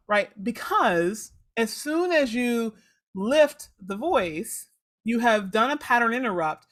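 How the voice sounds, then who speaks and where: A woman's voice: on the high side, expressive, slow, fairly bright tone. A woman hosting a podcast, coaching listeners on intake calls and acting out sample phone lines. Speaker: podcast host and law firm trainer. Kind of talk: instructional podcast talk.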